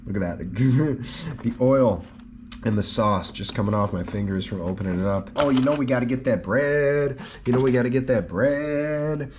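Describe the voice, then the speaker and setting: A man vlogging as he tastes food, exclaiming excitedly over each dish. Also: mid-range voice, moderate pace, a little hiss or hum. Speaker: travel vlogger. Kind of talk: food tasting vlog.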